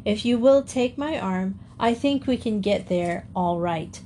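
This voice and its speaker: A woman's voice: mid-range voice, expressive, a little slow, mellow, a little hiss or hum. A woman reading the part of a big fair man who talks bluntly and practically, reassuring a fainted young woman in a storybook. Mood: brisk. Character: big fair man, kindly but brisk rescuer.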